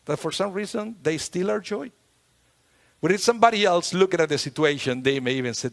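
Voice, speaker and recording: Male rabbi preaching with lively humor. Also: sits high, normal speed, vocal fry. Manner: conversational, lively, with playful humor. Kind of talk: sermon. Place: synagogue sanctuary. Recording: long hall reverb in a large sanctuary.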